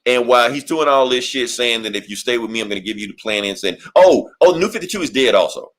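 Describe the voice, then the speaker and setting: A man's voice: mid-range voice, animated, fast talker, a bit bright. Profane, rambling male podcast host. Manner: rambling, profane, laughs often. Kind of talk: casual comic review chat.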